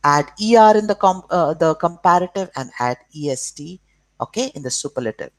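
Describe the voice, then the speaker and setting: A woman teaches young children grammar at a slow, deliberate pace, drawing words out and spelling them letter by letter. Her fairly low voice swings widely up and down in pitch as she checks in with "okay". The sound is dry, with no room echo. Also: expressive. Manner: says "okay" often to check along.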